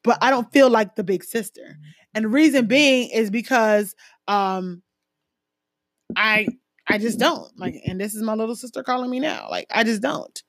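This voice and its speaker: A woman from a Jamaican family talking casually about her life, full of fillers and lively emphasis. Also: fairly high pitch, normal speed, vocal fry, dry recording, studio quality. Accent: American with Jamaican-family roots. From Caribbean, Jamaican family. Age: adult, a mother. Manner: conversational, lots of fillers, animated emphasis. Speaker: speaker sharing personal stories. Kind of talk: casual personal talk.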